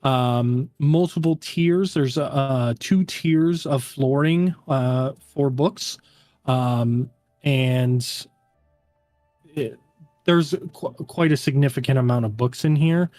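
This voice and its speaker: A man's voice: mid-range voice, takes it slowly, a little mellow, dry recording, soft background music. A man narrating a tabletop game as game master, in a casual style full of fillers.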